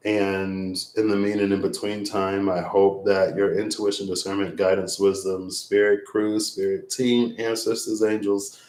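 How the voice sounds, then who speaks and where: Deep-voiced man rambling, echoey room. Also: flat delivery, unhurried, few pauses, darkish tone. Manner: rambling, reflective, laughs often. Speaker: tarot reader. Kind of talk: late-night livestream wrap-up chat.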